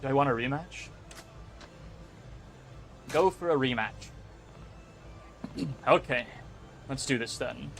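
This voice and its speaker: A man's voice: medium pitch, slow pace, gravelly, pauses often, a bit bright. A man streaming a video game live, chatting casually with his viewers, rambling, swearing freely and laughing often. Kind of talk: casual live-stream chat while gaming.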